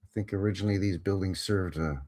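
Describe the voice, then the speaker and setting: A man with a fairly low voice hosts a live show, talking about photos in a relaxed way. His tone is wry and joking, and he is quick to sound amazed. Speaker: host.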